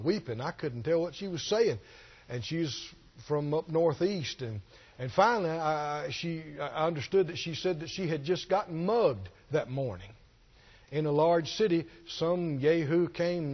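A man's voice: fairly high pitch, breathy edge. A middle-aged man preaching a sermon, telling a story and rising to stress his key points. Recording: dull lo-fi sermon recording.

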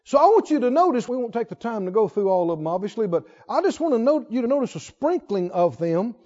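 A man's voice: very high-pitched, sing-song, fast talker, dark tone, big-room sound, muffled recording. A man preaching a sermon, drawing out phrases, singing lines and leading the congregation in call-and-response. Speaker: pastor.

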